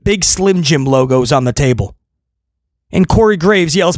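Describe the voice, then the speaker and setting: A man hosting a wrestling review, ranting sarcastically and swinging between loud mocking outbursts and low muttering. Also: expressive, unhurried, no room sound, clean studio sound. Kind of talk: opinionated review rant.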